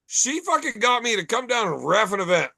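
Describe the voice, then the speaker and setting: A man's voice: high-pitched, sing-song, a little fast, creaky, bright, forceful tone, dry recording. A man hosting a casual bar chat podcast, telling profane, rambling stories. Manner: profane, storytelling. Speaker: podcast host.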